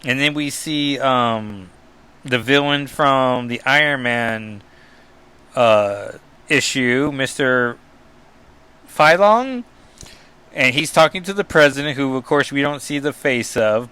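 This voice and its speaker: Recapping a comic book issue in an easygoing way, a man with a clean, medium-pitched voice rambles with frequent ums and asides. The panel text, both captions and dialogue, comes out in a flat summary voice.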